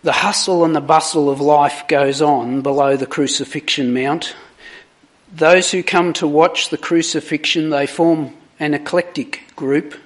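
Slow, deliberate preacher with a raised voice. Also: male voice, a little high, steady tone. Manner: slow, deliberate, dramatic emphasis on quoted lines. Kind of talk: sermon with scripture reading.

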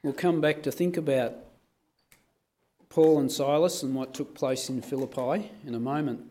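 A man preaching in an earnest, measured way as a pastor. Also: medium pitch, fairly even intonation, dark tone. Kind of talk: sermon.

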